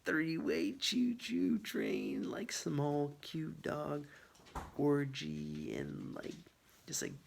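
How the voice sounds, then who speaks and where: A man telling a funny personal story in a casual, animated way, with lots of filler words. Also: on the high side, extremely slow, creaky, a little hiss or hum.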